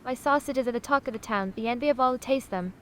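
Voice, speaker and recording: A woman's voice: fairly high pitch, fast talker, fairly bright tone, slight background noise, close to an everyday voice. A text-to-speech woman's voice playing a sassy, self-important AI chatbot that calls itself a sausage, haughty and condescending, calling people honey. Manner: haughty, dramatic, condescending, says honey a lot.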